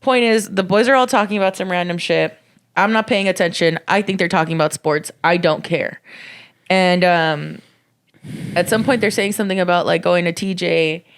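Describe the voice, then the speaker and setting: A woman's voice: fairly low pitch, normal speed. A young woman co-hosting a podcast, telling a candid story in a casual, sweary way and acting out the quotes. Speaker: podcast co-host.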